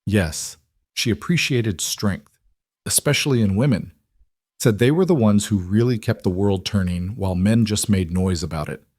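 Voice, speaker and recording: A man voicing a soft-spoken grave frontier man. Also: on the low side, lively intonation, moderate pace, dry recording, clean studio sound.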